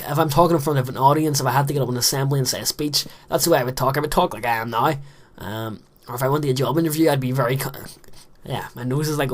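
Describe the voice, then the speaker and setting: A man in his late teens gives rambling, self-deprecating commentary while playing a game, recorded in a small closet room. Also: mid-range voice. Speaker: gaming commentator. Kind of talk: casual gameplay commentary.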